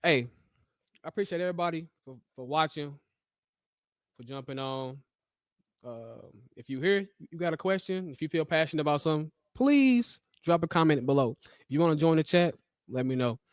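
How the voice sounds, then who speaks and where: A man hosting a casual live-stream chat, talking loud, animated and full of slang. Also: fairly high pitch, moderate pace, clear, resonant tone, no room sound, studio quality. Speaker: host.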